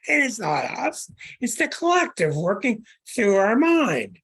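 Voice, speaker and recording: Slow, husky-voiced astrologer man. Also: very high voice, sing-song, a bit bright. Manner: earnest, preaching, stretches words for emphasis. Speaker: astrologer and show host. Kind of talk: podcast monologue.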